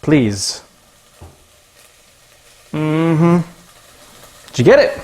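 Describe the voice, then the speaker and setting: A man's voice: fairly high pitch, very animated, very slow, pauses often, darkish tone. A man hosting a casual cooking livestream in his home kitchen, chatting goofily with viewers and his pets as he cooks. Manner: goofy, talks to chat and his pets while cooking. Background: food sizzling in a pan.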